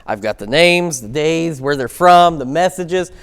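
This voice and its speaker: A man's voice: on the high side, expressive, measured pace, a bit bright, clean tone. A man anchoring a local morning newscast and giving the weather forecast, chatty and upbeat, with the odd stumble.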